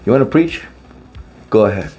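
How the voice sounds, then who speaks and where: A man voicing a grumpy old Aristotle with a put-on German accent, loud and strained, in a comic skit. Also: fairly low pitch, expressive, fairly quick, faint music behind, close to an everyday voice. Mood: grumbling. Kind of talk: comedy skit.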